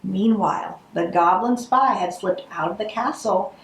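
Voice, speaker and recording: A woman reading a holiday picture book aloud, with expressive narration. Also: medium pitch, unhurried, echoey room, slight background noise, low-quality recording. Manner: expressive, acts out the characters. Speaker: storybook reader.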